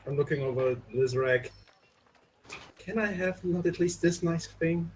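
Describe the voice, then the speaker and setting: A man's voice: fairly high pitch, measured pace, a little mellow, slight background noise, low-quality recording. A man playing in a tabletop role-playing game, chatting playfully with in-character asides. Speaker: player. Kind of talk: casual tabletop game chat.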